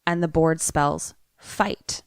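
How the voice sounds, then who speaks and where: A chatty woman recaps a film plot for her podcast co-host, her voice sitting fairly low. The sound is dry and close, with no room behind it. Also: moderate pace, dry recording. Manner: chatty retelling with frequent "like". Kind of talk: casual movie recap.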